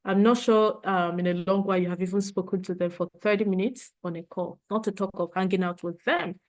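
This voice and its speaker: Woman trainer, middle pitch, earnest and heartfelt, presses her points with repetition in a motivational session. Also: steady tone, brisk. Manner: earnest, emotional, repeats points for emphasis. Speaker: leadership trainer.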